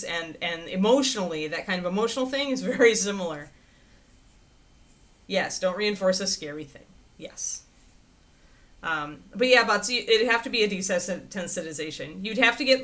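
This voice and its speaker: Chatty, animated woman livestream host. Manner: chatty and rambling, with frequent laughs; animated, swinging pitch into playful quoted voices. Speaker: livestream host answering viewer questions. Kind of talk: casual chat.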